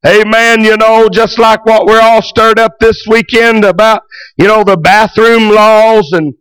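A male pastor preaching a fervent sermon, full of amens and hallelujahs and bursts of shouting. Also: high voice, steady tone, a little slow, smooth, dry recording, rough recording.

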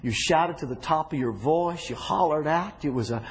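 A man preaching a sermon to a congregation in a church, talking casually to the room and breaking into loud shouts. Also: on the high side, normal speed, slight background noise. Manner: animated, shouting bursts and conversational asides to congregation.

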